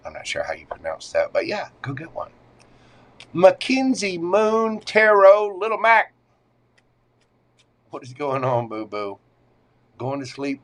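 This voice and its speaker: A man reading tarot cards on a livestream in a chatty way. He greets viewers with pet names, and his voice swings up and down as he talks. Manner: animated, swings up and down in pitch and loudness. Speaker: tarot reader hosting a livestream.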